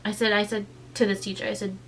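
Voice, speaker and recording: A woman's voice: medium pitch, flat delivery, fast, slight background noise. A mother speaks straight to her camera in a mid-range voice, raw and close to tears. Her frustration shows as she stumbles, restarts and presses her points with indignation. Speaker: mother and vlogger. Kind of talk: emotional personal vlog recounting.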